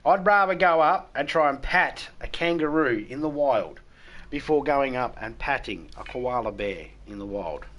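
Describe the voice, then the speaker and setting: A man's voice: mid-range voice, animated, moderate pace, a bit bright. A middle-aged man with an Australian accent, a game streamer chatting casually, rambling and swearing freely with blunt humor. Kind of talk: casual chat.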